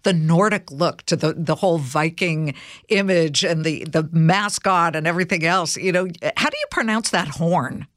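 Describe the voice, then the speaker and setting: A woman hosting a podcast interview, chatty and lively, laughing along with her guest. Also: on the low side, normal speed, dry recording. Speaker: podcast host. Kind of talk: casual interview conversation.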